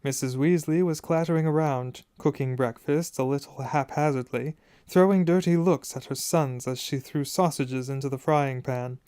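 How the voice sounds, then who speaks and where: A man narrating an audiobook in a measured, expressive storytelling manner, close to the mic. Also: mid-range voice, smooth, dry recording. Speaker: audiobook reader.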